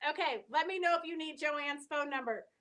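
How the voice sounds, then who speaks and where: A woman's voice: high voice, moderate pace, a bit bright. A middle-aged woman chatting casually on a live stream, answering viewer comments and telling stories with lots of fillers. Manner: chatty, storytelling, many fillers.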